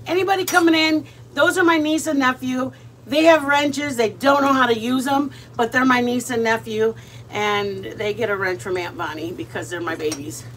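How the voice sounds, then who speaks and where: A woman's voice: a little high, normal speed, fairly bright tone, a little hiss or hum. A middle-aged woman chatting casually and rambling as she cooks on a livestream, greeting viewers by name. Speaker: livestream cooking host. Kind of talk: casual live cooking chat.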